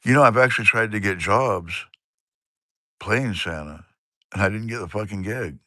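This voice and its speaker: A man's voice: on the low side, moderate pace, bright, forceful tone, dry recording, clean studio sound. An older man from Washington State, rambling and chuckling as he chats with viewers on his livestream. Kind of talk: rambling casual livestream chat.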